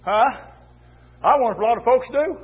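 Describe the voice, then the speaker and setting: A man preaching a fiery revival sermon in a church, his voice pitched very high for a man. He chants in rhythmic bursts, slips an "uh" between phrases, and shouts his refrains. It all comes through thin and tinny, like a phone line. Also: expressive, brisk, husky.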